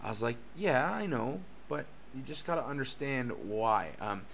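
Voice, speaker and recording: A man hosting a casual livestream as a cryptocurrency educator, excitable and chatty, laughing often and swearing casually. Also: medium pitch, moderate pace, creaky, a little hiss or hum. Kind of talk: casual live-stream chat. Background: faint background music.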